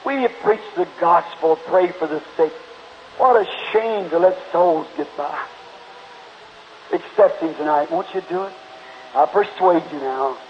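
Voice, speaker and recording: This man's voice sits on the high side and moves a little slowly as he fervently pleads with a church congregation, giving an altar call before ending in prayer. It's captured on muffled, low-fidelity 1950s tape with a faint hiss.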